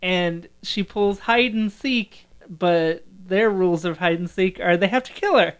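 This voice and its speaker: A woman's voice: on the low side, unhurried, clean tone. A woman co-hosting a casual movie chat, talking in a chatty way with frequent laughs and trailing sentences. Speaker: podcast co-host.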